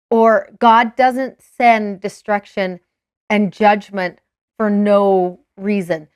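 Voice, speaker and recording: A woman's voice: mid-range voice, dry recording, clean studio sound. A woman co-hosting a casual scripture discussion, eager and explaining things for teachers. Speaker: co-host of a scripture study show.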